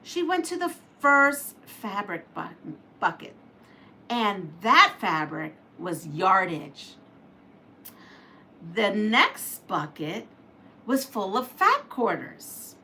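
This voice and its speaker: Quilting lady on a live, reading her story slow, lots of ups and downs in her voice. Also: mid-range voice. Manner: animated, laughs while reading. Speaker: quilting channel host.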